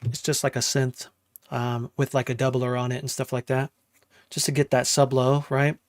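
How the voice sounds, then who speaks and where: A man's voice: medium pitch, little pitch movement, normal speed, no echo, clean studio sound. A young man chatting casually while producing music on a livestream, thinking aloud as he works. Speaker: music producer streaming a live session.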